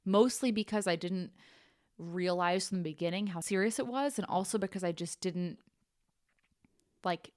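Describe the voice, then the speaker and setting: A woman's voice: lowish voice, moderate pace, pauses often, a little mellow, dry recording, clean studio sound. A young adult woman hosting a podcast, telling a personal story frankly and bluntly, swearing casually and saying "like" often. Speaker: podcast host.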